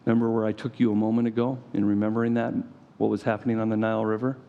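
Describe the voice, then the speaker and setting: A man preaching a sermon, animated and playful, acting out scripture with mock voices. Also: lowish voice, rapid-fire, gravelly, muffled recording. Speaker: pastor.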